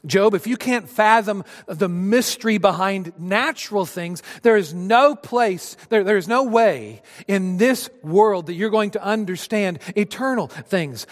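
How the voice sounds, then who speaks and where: Animated man preaching in a reverberant hall. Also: high voice, unhurried, few pauses. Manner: animated, acts out voices of biblical figures. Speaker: pastor. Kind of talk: sermon.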